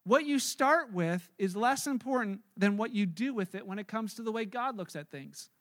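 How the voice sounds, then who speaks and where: A man's voice: high voice, expressive, moderate pace, fairly bright tone. A male pastor preaching a sermon in a storytelling manner, acting out the characters he describes.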